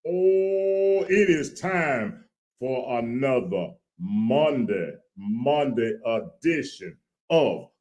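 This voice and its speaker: A man's voice: mid-range voice, expressive, very slow, darkish tone. A man hosting a live-stream chat show, joking, repeating catchphrases and hyping up the audience.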